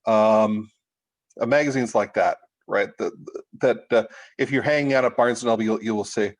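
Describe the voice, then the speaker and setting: A middle-aged man leading an informal writing workshop, talking in a halting way with many restarts and fillers. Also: lowish voice, low-quality recording. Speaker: writing teacher.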